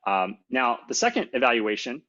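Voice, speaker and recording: Middle-aged male speaker, relaxed and self-mocking, lots of "um" and "like", mid-range voice, somewhat muffled recording. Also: medium pitch, moderate pace. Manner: casual, self-deprecating, many fillers. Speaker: conference speaker. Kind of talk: technical conference talk.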